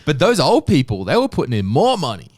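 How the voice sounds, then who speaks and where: A man with an Australian accent hosting a podcast, telling stories in a lively, profane way. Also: on the high side, a little fast, no echo. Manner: animated, profane storyteller. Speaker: podcast host. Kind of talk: casual chat.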